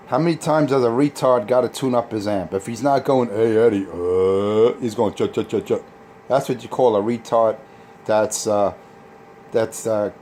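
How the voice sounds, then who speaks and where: A man's voice: on the low side, a little mellow, slight background noise. Man trash-talking over CB radio. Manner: boastful, taunting and insulting. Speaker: CB radio operator.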